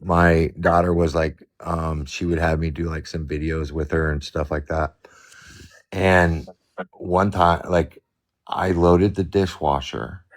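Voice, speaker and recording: With a low voice and slow delivery, a middle-aged man runs a live stream and chats casually through his stories. He performs arguments with energy, voicing each side himself.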